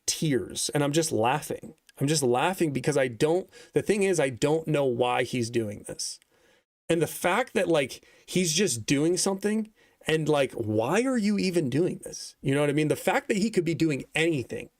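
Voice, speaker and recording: A man's voice: on the high side, no room sound, clean studio sound. A young man telling a rambling story in casual vlog style, profane and laid-back, with lots of fillers. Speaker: vlogger.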